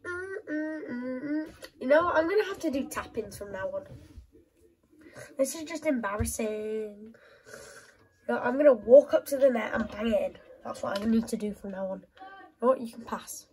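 A woman giving excitable commentary while playing a football video game, often shouting and squealing at the match. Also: a little high, moderate pace, poor audio. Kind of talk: gaming commentary.

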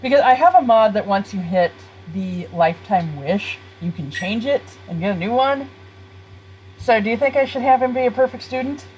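A woman's voice: fairly high pitch, expressive, normal speed, a little mellow, slight background noise, poor audio. A woman live-streaming a life-simulation game, chatting casually with her viewers and laughing often. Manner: giggly, chatty, talks to chat.

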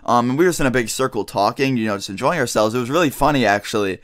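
A man's voice: medium pitch, animated, racing. A young man telling a story to his viewers in a casual, rambling way, swearing often and saying "like" a lot. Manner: rambling and profane, heavy use of "like". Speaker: vlogger.

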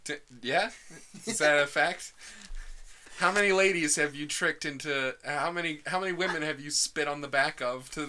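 A young man hosting a casual podcast chat, loud and full of laughter and swearing. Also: a little high, moderate pace, slight background noise. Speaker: podcast host.

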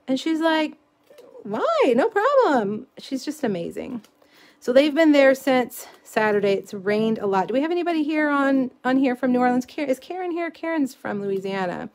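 Chatty woman demoing crafts. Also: high voice. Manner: chatty, self-deprecating, talks to viewers in comments. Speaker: stamping craft demonstrator. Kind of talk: casual live craft demo chat.

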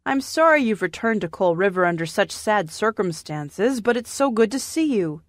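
A woman's voice: medium pitch, lively intonation, moderate pace, no echo, studio quality, close to an everyday voice. A woman voicing Percy, a polite and slightly awkward young man, in an audiobook.

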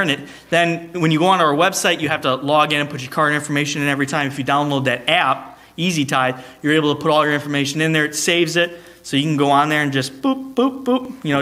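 A man leading a church service with a high voice and a sharp, very bright tone. He makes the announcements in a playful, teasing manner, tossing off quick joking asides to the congregation. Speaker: song leader and service host. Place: church sanctuary, streamed online.

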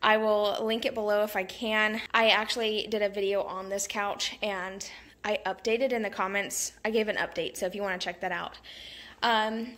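A woman's voice: medium pitch, fairly bright tone. A woman, chatting casually with lots of fillers as she walks a camera through her small house. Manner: chatty, friendly, many "um" fillers. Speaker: home vlogger giving a house tour. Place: inside a small house, walking room to room.

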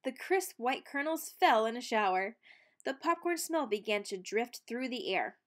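A woman reading a children's picture book aloud, expressive and playful with sound words. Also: a little high, a little slow. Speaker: read-aloud narrator.

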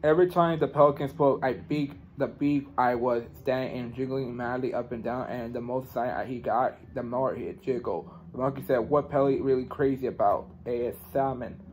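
A man's voice: mid-range voice, darkish tone, a little hiss or hum, low-quality recording. A man reading a children's book aloud, stumbling and restarting words as he goes. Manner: halting, with frequent restarts and self-corrections. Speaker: reader.

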